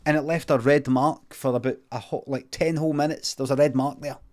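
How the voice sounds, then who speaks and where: A man with a Scottish accent improvising a comic story in a deadpan, rambling, sweary way. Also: mid-range voice, fairly quick. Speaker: comedian streamer.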